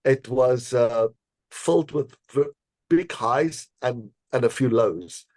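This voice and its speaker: Man, podcast guest, earnest storytelling, measured pace, fillers, dry close sound. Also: medium pitch, darkish tone, no room sound. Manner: earnest, measured, with frequent fillers and small laughs. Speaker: podcast guest, decision scientist. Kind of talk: reflective storytelling in an interview.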